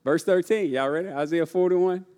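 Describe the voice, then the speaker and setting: A man's voice: high-pitched, moderate pace, a little mellow, smooth. A man preaching a sermon to his congregation, with casual, folksy call-and-response delivery that keeps asking the room if they are ready. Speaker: pastor. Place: church sanctuary. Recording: long reverb of a large church hall.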